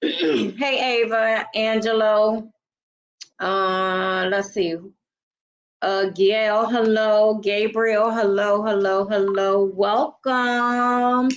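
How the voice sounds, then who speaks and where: An older woman hosts a casual livestream. She talks slowly and chats to viewers, greeting each by name. Her voice is a little froggy and hoarse, and the lo-fi stream audio sounds dull. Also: mid-range voice, steady tone. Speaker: livestream host.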